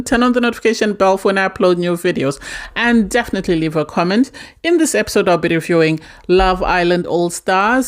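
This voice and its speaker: A woman hosting her own reality TV recap vlog, blunt and indignant, repeating her points for emphasis. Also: medium pitch. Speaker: reality TV reviewer, channel host. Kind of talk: opinionated casual recap vlog.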